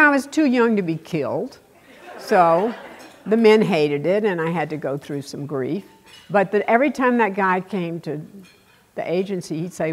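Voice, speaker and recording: An older woman with a Texas accent delivers a keynote speech. She tells stories bluntly, with salty language and dramatic pauses. Her voice sits fairly low. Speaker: keynote speaker.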